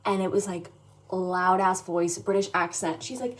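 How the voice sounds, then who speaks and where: This vlog comes from an American study abroad student in her twenties, her medium-pitched voice fairly even and moderately paced. She chats casually, laughing and saying "like" a lot, and the handheld audio picks up noise as she moves between her apartment and the streets.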